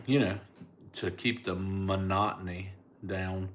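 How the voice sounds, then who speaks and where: A man's voice: deep voice, fairly even intonation, takes it slowly. A middle-aged man, a comedian chatting casually on a livestream and answering viewers' comments. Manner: laid-back, chatty, thanks viewers by name.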